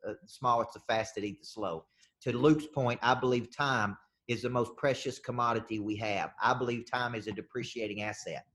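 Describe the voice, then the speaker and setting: A man's voice: mid-range voice, a bit bright. A man coaching a group of salespeople live. He drives his points home with punchy, emphatic statements and circles back to repeat his phrases. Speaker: business coach.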